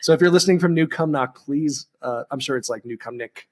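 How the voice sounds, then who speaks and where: A man's voice: a little high, quick pace. A man co-hosting a casual podcast, rambling and chatty with lots of ums and restarts. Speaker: podcast co-host.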